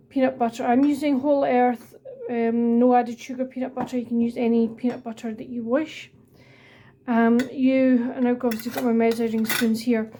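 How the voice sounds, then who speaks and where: A woman from the Scottish Highlands whose accent colours every word, with a voice pitched a little high. She talks candidly and chattily, as if to friends at her kitchen table, whether she is reviewing a book or baking. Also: mellow, slight background noise. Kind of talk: casual book review and cooking chat.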